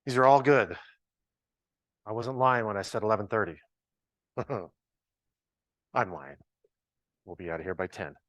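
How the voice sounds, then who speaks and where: A man's voice: on the low side, lively intonation, fast talker, pauses often, a bit bright, no room sound. A man leading an informal training workshop, chatty and joking, thinking aloud as he works with the audience. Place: large ballroom with a live audience.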